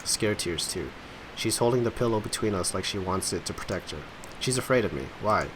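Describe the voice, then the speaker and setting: A man's voice: fairly low pitch, expressive, fairly quick, background noise. A man hosting a game playthrough, reading the dialogue aloud dramatically and breaking off for wry comments. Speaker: let's play host.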